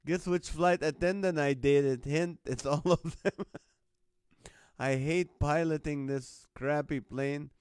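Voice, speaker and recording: Smooth-voiced man hosting, slow and laughing. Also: fairly high pitch, fairly even intonation, darkish tone, no room sound. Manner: laughs often between lines, jokey. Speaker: host. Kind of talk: live-stream chat reading viewer jokes.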